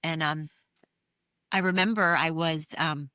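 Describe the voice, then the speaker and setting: A woman's voice: low voice, steady tone, measured pace, bright, forceful tone, clean tone, dry recording, clean studio sound. A middle-aged woman, an interview guest, telling a personal story in an earnest, candid way with many fillers. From New England. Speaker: interview guest, therapist and author.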